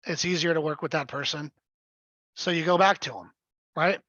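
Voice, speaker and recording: A man's voice: fairly high pitch, moderate pace, sharp tone, dry recording, muffled recording. A man coaching real estate agents in a live webinar, blunt and emphatic, often checking in with his listeners. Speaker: real estate sales trainer.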